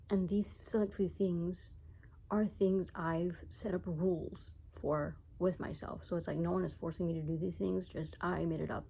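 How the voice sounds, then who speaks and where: Young female vlogger, self-mocking chatter, low gravelly voice. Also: mellow, slight background noise, rough recording. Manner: rambling and self-mocking, often laughing. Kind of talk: casual chat to camera.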